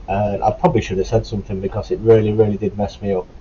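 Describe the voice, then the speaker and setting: A former Marine recruit telling a casual, rambling story to camera, with a sore, cough-prone throat and a sweary, self-correcting way of talking. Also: male voice, on the low side, level tone, racing, dark tone, lo-fi sound, a little hiss or hum.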